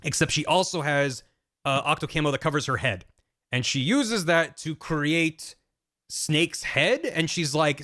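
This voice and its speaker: Casual male streamer, slightly higher pitch, rambly plot recap full of fillers. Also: expressive, moderate pace, a bit bright. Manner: chatty, rambling, lots of fillers and restarts. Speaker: streamer explaining a game plot. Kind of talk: casual retelling with acted-out quotes.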